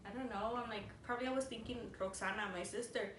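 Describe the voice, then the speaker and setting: Young woman, higher voice, rambling casual storytelling, filler-heavy, code-switching, distant mic, echoey room. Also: steady tone, quick pace, fairly bright tone, a little hiss or hum. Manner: switches languages mid-sentence. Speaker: vlogger co-host. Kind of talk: casual storytelling over a meal.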